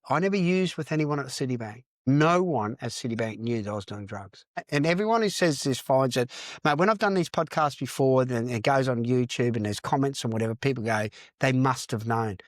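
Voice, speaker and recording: A man's voice: medium pitch, no room sound, studio quality. A middle-aged Australian man telling his story in a candid interview, blunt and sweary, calling people "mate". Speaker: podcast guest, recovering addict and counsellor.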